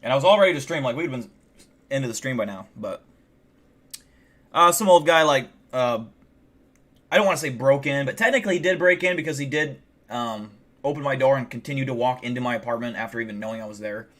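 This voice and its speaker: A man's voice: medium pitch, animated, fast, fairly bright tone. Profane, rambling male streamer. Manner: rambling and heavily profane, many fillers like "like". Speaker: live streamer. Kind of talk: casual live-stream storytelling.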